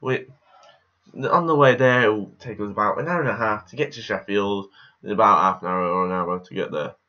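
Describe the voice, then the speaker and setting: Young male vlogger, low bright voice, rambly, dull lo-fi sound. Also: a little fast. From England. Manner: rambling, with frequent restarts and self-corrections. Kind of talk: casual daily vlog to camera.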